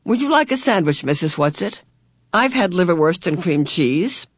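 A kind, courteous mother, as a male reader puts her on, offering food in a gentle, hospitable tone. Her voice sits high and is heard dry and close in a storybook reading. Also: big pitch swings, moderate pace, no echo. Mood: polite. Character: kind, polite middle-aged mother.

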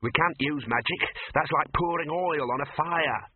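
Man doing a fussy old wizard lecturing everyone, pinched higher voice, tinny phone audio. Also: fairly quick, husky, no room sound. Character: fussy older male wizard, know-it-all.

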